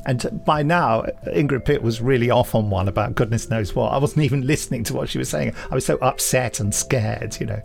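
A man's voice: medium pitch, quick pace, vocal fry, faint music behind. A man hosting a podcast, telling an anecdote casually and animatedly, laughing as he goes. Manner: animated storyteller who laughs and acts out quotes. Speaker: podcast host and writer-director.

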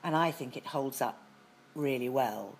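Middle-aged british actress w a low voice spinning long stories, lots of restarts, faint hiss behind. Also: female voice, a little slow. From Britain. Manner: lively storytelling with frequent restarts. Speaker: actress as guest. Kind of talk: anecdotal interview chat.

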